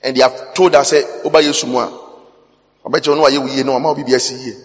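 A man with a Ghanaian accent preaching a sermon, mixing English with Twi and breaking into sudden loud bursts. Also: medium pitch, steady tone, racing. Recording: long hall reverb.

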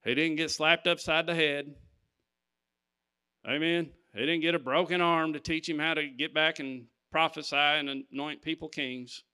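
A man's voice: on the high side, steady tone, normal speed, pushed and bright, clear, resonant tone. A man preaching a sermon, reading scripture and talking to the congregation in an emphatic, conversational way.

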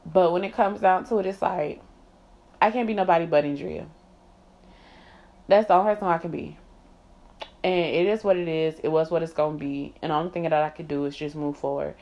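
A woman speaks straight to camera in a personal vlog, blunt and emphatic, cursing casually and laughing as she talks. Her voice sits on the lower side. The recording is slightly muffled and lo-fi. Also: normal speed, pauses often, darkish tone. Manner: candid and emphatic, swearing freely, laughing often. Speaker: vlogger. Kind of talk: candid personal monologue. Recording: slightly dull lo-fi sound.

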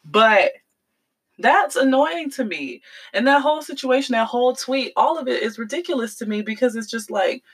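A woman's voice: fairly high pitch, lively intonation, moderate pace, breathy edge, rough recording. A woman hosting her own podcast, talking alone in an emphatic, slangy way and laughing in disbelief. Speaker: podcast host. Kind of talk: solo commentary podcast.

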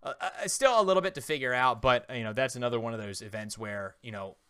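Male podcast co-host in his 30s, teasing quizmaster, bright tone, dry close sound. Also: medium pitch, quick pace, clean tone, dry recording. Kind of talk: casual chat.

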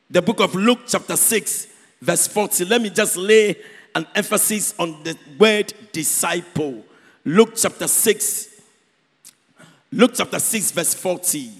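A Ghanaian man with a high-pitched, slightly bright voice preaches a sermon in a church hall. He is emphatic, repeats key words, and sings out phrases, and the hall's echo gives a long reverb.

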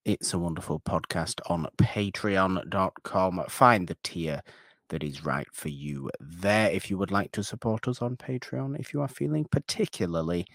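A man's voice: sits low, expressive, moderate pace, a bit bright, no echo, studio quality. A man co-hosting a podcast in casual chat, playful and rambling, mocking himself. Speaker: podcast co-host.

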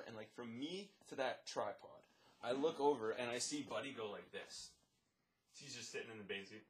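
A man who works as a lifeguard and swim instructor, telling a story in casual chat, animated, swearing, and acting out the dialogue. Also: mid-range voice. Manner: animated, swears, many fillers; acts out dialogue, drops to a whisper.

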